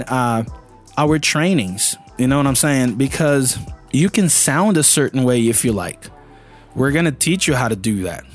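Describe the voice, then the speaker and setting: A man in his thirties from Brazil with a Brazilian Portuguese accent, a native Portuguese speaker giving a casual, animated English pronunciation lesson and often asking the listener questions. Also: fairly high pitch. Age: 30s. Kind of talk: casual spoken lesson to camera.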